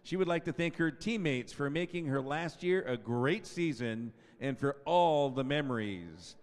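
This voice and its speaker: A man's voice: fairly high pitch, lively intonation, measured pace. A man in his fifties working as the announcer at a school senior night, drawing out the players' names and adding chatty asides between them. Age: 50s. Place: school gym. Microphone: PA microphone. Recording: echoey gymnasium PA sound.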